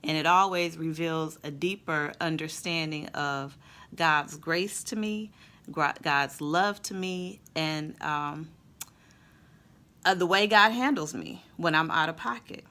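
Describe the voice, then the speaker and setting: A woman and mother telling a family story in a casual, expressive way, then drawing a faith lesson from it. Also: deep voice, takes it slowly. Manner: conversational, expressive, with fillers. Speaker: mother and Christian vlogger.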